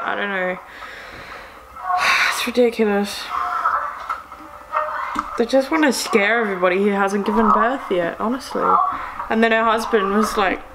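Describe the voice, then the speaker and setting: A woman's voice: medium pitch, heavy background noise. A young woman vlogging at home in casual chat, blunt and sarcastic, filmed by someone else on a handheld camera.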